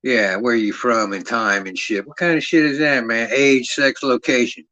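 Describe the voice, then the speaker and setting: A man's voice: medium pitch, steady tone, normal speed, pushed and bright, highs cut off. Profane, rambling male livestream host. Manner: profane, rambling, streetwise banter. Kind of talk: casual livestream storytelling.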